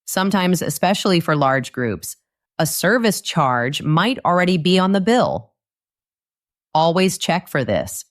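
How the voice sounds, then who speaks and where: Slow, low-pitched woman teaching English. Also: very animated. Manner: slow, clear and patient, acting out dialogue lines. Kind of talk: scripted lesson narration.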